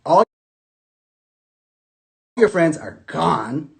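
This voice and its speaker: A man speaks to camera in a casual storytelling vlog, his voice pitched a little high and bouncing widely in tone. He talks in loose slang, full of restarts, and swings from loud outbursts to near-murmurs. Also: very animated, drawn-out words, gravelly. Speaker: vlogger telling his own story.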